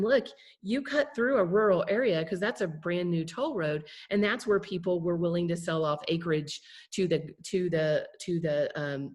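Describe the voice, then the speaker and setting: Woman teaching a class on a video call, kinda low voice, chatty, keeps asking "right?". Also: darkish tone. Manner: conversational, checks in with "right?". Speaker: class presenter. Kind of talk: storytelling lesson.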